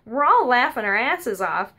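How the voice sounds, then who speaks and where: A woman's voice: a little high, big pitch swings, normal speed, sharp tone. A woman giving a eulogy for her grandmother, telling anecdotes in a conversational, wry way at a funeral service. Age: adult. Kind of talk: humorous eulogy storytelling.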